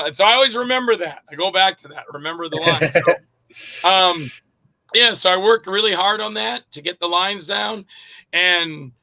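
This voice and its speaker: A man's voice: high-pitched, creaky, dry recording, poor audio. A middle-aged man, an actor and director, casually telling stories in an interview and acting out quoted dialogue with plenty of fillers. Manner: animated, acts out quoted dialogue, frequent fillers.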